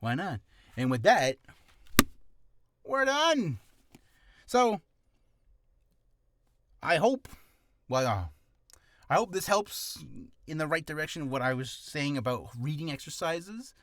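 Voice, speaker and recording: A man's voice: on the high side, animated, measured pace, pauses often, fairly bright tone. A man talking casually in a vlog about reading practice, rambling and poking fun at himself. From Canada. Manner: chatty, rambling, self-mocking. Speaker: voice actor vlogger.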